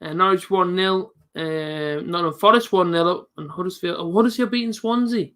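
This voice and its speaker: A young man hosting a live football reaction stream, chatting casually with viewers and breaking into excited shouts at big moments. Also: sits high, moderate pace. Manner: chatty, jumps to excited shouting at goals, reads out viewer comments.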